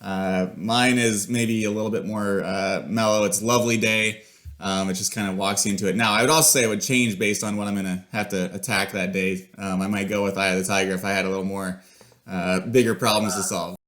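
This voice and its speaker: A man's voice: lowish voice, fairly quick. A man hosting a business podcast, upbeat and enthusiastic as he introduces his guest and asks questions. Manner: enthusiastic, energetic. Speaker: podcast host.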